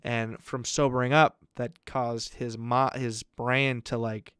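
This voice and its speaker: A young man chatting on a podcast with friends, spinning a long family story. He rambles with fillers and casual swearing. His voice sits at a mid pitch, recorded close and dry. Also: level tone, takes it slowly, fairly bright tone, smooth, dry recording. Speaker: podcast co-host. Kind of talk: casual chat.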